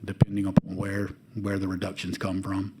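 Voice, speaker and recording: A man's voice: deep voice, completely flat delivery, a little fast, heavy background noise. A man with an American accent, a health official speaking candidly in an interview. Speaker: state health secretary. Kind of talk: interview answer.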